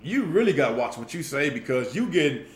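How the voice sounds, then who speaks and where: A man's voice: on the high side, very animated, a little fast. A man co-hosting a casual podcast, rambling through loose, profane stories. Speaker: podcast co-host. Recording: roomy echoey mic.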